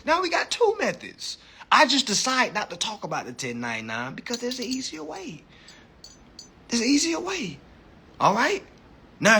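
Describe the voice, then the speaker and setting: A man's voice: extremely high pitch, gravelly, a bit bright. A young man hosting a live stream, teaching his class in a casual, profane rant that keeps checking in with "all right?". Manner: emphatic, profane, repeats points with "all right?". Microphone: phone.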